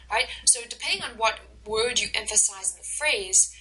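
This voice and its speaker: A woman instructor giving a recorded lecture over slides, explaining slowly and carefully with many fillers and restarts. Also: mid-range voice, bright, forceful tone, a little hiss or hum, rough recording.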